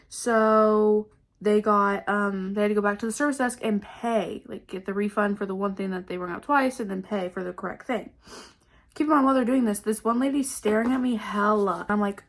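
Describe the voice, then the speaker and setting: A young woman vlogger telling stories in a dramatic, casual way, swearing often and calling her viewers guys. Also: medium pitch. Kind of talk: casual storytelling to camera.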